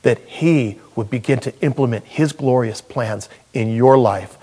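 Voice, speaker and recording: Male pastor, sermon, earnest, folksy, mid-pitched voice. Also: mellow, breathy edge. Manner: earnest, folksy, with quick humor and pauses. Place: church.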